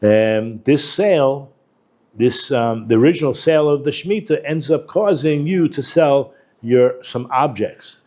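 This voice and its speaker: A man's voice: medium pitch, measured pace, a little mellow. A man, a rabbi and educator, giving a conversational Torah lesson and working through texts with Hebrew terms and quotes. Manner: informal, with restarts and asides to the class.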